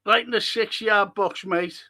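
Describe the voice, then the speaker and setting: Sweary excitable Liverpool man. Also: sits high, measured pace. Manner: sweary, excitable, heckling the players. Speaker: football watch-along streamer. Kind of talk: live match commentary and chat reading.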